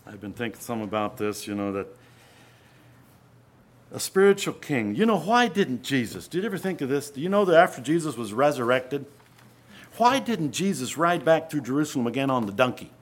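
A man preaching an earnest sermon, often dropping to a hush and then rising to loud emphasis. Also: mid-range voice, very animated, moderate pace.

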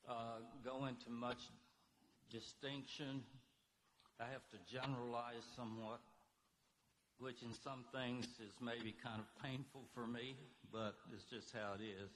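A man lecturing slowly and deliberately, pausing often with fillers as he works through his points. There is a faint hiss under his voice. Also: medium pitch, a bit bright, poor audio. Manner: halting, many fillers and pauses. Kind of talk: unscripted history lecture.

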